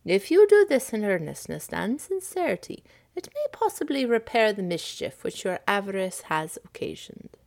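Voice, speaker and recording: A woman voicing a smiling, mysterious male stranger in a storybook reading, slow and measured. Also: mid-range voice, sing-song, gravelly, darkish tone. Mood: solemn.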